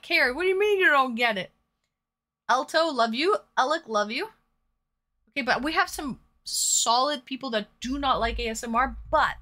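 A woman streamer with a bright, sharp voice pitched a little high. She chats casually, reading her viewers' messages aloud and answering them as she goes. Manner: chatty, reads and answers viewer chat aloud. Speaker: live-stream host. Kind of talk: casual live-stream chat.

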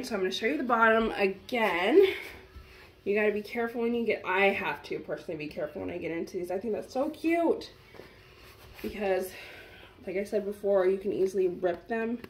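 A woman's voice: medium pitch, normal speed, slight background noise. Chatty young woman gushing over a haul. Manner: chatty, gushing, talks straight to viewers. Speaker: vlogger. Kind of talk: casual try-on haul chat.

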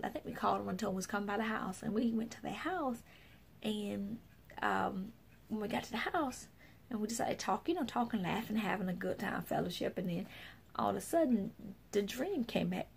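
Woman with a heavily gravelly voice. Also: medium pitch, a little mellow. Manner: rambling, full of fillers and restarts; acts out other people's remarks. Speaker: minister. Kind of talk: casual spoken testimony.

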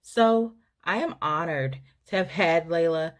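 A woman's voice: on the low side, lively intonation, measured pace. A woman teacher presenting a department award in a formal, praising manner.

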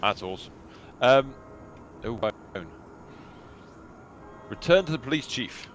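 A British man chatting casually with friends while streaming a game, animated and quick to exclaim. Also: mid-range voice, soft background music.

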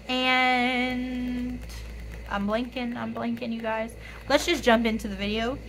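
A young woman in her twenties with a hoarse, raspy voice, chatting casually to camera, often apologizing and counting money out loud. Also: a little high, fairly even intonation, slow pace, poor audio. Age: 20s. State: hoarse, voice tired. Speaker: budgeting YouTuber.

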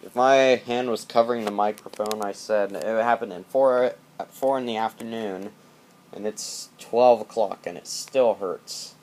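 During a power outage, a man sits indoors in his dark house recording a relaxed late-night vlog on his tablet's built-in mic. His voice is lowish, steady, and a little mellow, and he unhurriedly rambles, cracks jokes, and says things more than once.

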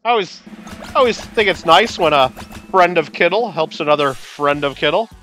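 A livestream host with a fairly high, sharp, expressive voice chats casually at a moderate pace during gameplay. He rambles along, addressing viewers by name as he answers them.

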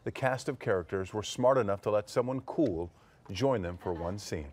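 A man reporting an entertainment news feature with an upbeat, lively delivery. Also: on the low side, normal speed.

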